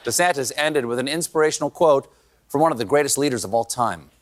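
A man's voice: medium pitch, fast. A man hosting a late-night comedy monologue with a punchy joke delivery, often laughing at his own lines.

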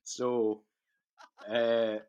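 A man's voice: mid-range voice, monotone, extremely slow, a little mellow, clean tone, highs cut off. A man with a Scottish accent, a podcast guest telling long stories in casual chat, swearing freely and laughing as he goes. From Scotland.

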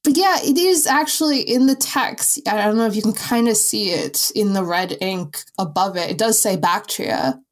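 A woman hosting a casual podcast conversation, chatty and quick to laugh. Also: medium pitch. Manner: chatty, laughs often, friendly. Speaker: podcast host.

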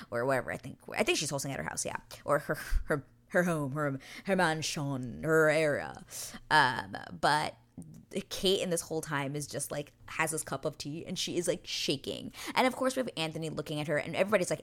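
A woman with a notably low-pitched voice breaks down a TV episode scene by scene in a casual, talkative way. She swears freely and retells the characters' lines in modern everyday slang. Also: animated, a little fast, a bit bright. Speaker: TV episode recap host.

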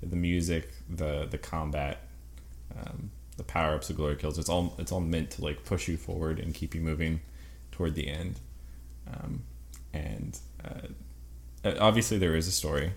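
A man co-hosting a casual gaming podcast, talking with enthusiasm, laughing often and filling pauses with ums. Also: extremely low pitch, steady tone. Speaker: podcast co-host.

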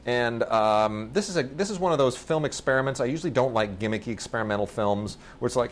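This fast-talking podcast host, with a fairly low voice and few pauses, chats casually and eagerly while reviewing films. He regularly restarts sentences mid-thought.

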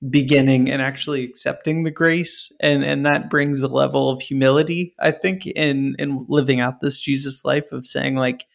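A man co-hosting a podcast, chatting casually about faith in a relaxed, hesitant way. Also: mid-range voice, normal speed, creaky. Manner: relaxed, hesitant, laughs easily. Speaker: podcast co-host.

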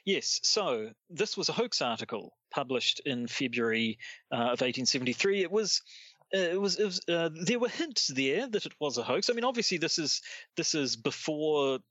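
A New man co-hosting a podcast in easy, casual chat, often stopping to restart his sentences. His voice is bright and forceful. The recording is dry and a little dull. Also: fairly high pitch, big pitch swings, moderate pace, dry recording. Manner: hesitant, many restarts and fillers. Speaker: podcast co-host.

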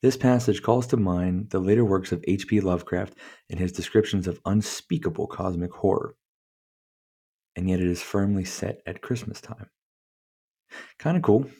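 A deep-voiced man with a dark, mellow tone hosts a podcast. He reads old-fashioned prose aloud, stumbles over the wording, and drops into loose, profane asides between passages. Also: fairly even intonation, normal speed, breathy edge. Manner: stumbles over words, swears freely, chuckles at the text. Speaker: podcast host. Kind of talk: reading a book aloud with casual commentary.

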